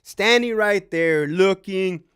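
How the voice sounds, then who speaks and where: A man's voice: high voice, slow pace, clear, resonant tone. A man in his fifties, a former prison officer, telling profane stories with lots of laughter on a casual live stream. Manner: profane, laughing, animated storyteller.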